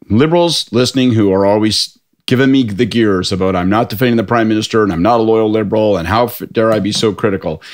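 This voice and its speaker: A man from Canada, a political commentator telling a profane, animated story on a podcast panel. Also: lowish voice. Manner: animated, profane storytelling with lots of put-on voices. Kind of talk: casual anecdote on a podcast panel.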